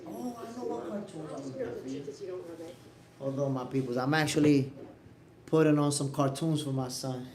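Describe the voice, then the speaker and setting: A man from New York City with a New York accent, hosting a boxing show as a casual livestream chat from home, animated and talking straight to his viewers. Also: on the high side, moderate pace, slight background noise. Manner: animated, repeats himself, talks straight to viewers. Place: home, at the Dominican Republic.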